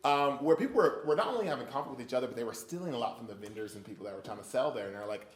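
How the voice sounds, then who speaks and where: Speaking fast in a mid-range voice, a man guides a group through an interactive Bible study. He tells stories with lively acted-out voices and sounds while quizzing the listeners. The room is echoey, with slight background noise.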